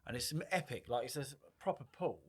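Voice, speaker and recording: A man's voice: mid-range voice, expressive, quick pace, husky. A man in his fifties, a guest on a podcast, telling stories in a rambling, laid-back way with swearing and restarts. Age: 50s. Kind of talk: casual podcast chat.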